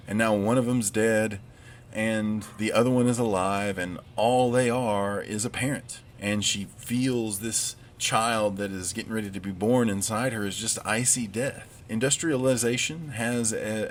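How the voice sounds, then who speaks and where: A man's voice: on the low side, a little hiss or hum. A man with a Southern US accent giving a recorded literature lecture, conversational with wry asides. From United States.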